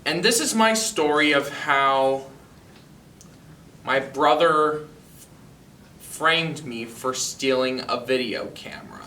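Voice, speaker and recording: A seventeen-year-old young man from North Carolina tells a personal story, halting and amused, with frequent restarts. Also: medium pitch, bright, forceful tone, echoey room, far from the mic, a little hiss or hum. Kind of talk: personal anecdote told to camera.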